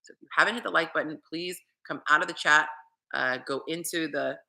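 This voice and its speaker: A woman dating coach chatting casually on a livestream, animated and talking straight to her viewers. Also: low voice, brisk, vocal fry.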